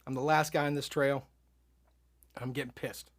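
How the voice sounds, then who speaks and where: A man telling a story as a podcast guest, animated and laughing often. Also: medium pitch, normal speed. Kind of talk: casual storytelling.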